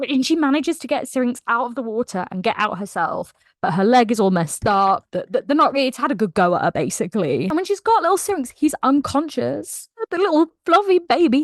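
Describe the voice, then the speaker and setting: A woman recapping a book in a casual, animated way, laughing often as she retells it. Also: a little high, no room sound. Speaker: book reviewer.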